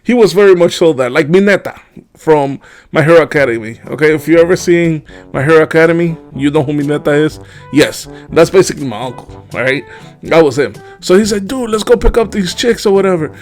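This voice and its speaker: High-voiced man telling a funny story. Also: fairly quick, faint music behind. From Dominican Republic. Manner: animated, laughing often, lots of fillers. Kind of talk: comedic storytime narration.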